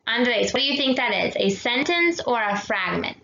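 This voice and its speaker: A young woman teaching a grammar lesson to kids, talking slowly and patiently, checking in with "okay?" and mixing in Spanish words. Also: on the high side, big pitch swings, gravelly, a bit bright. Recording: echoey dull room sound.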